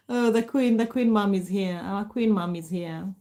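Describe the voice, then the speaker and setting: A middle-aged woman hosting a casual livestream, warmly greeting viewers by name and laughing often. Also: medium pitch, normal speed, hardly any pauses. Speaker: livestream host. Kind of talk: casual livestream chat reading comments.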